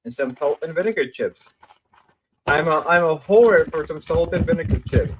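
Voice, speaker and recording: A young man streaming casual commentary, rambling and swearing, repeating himself and swinging between mumbling and loud outbursts. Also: fairly high pitch, expressive, normal speed, slight background noise.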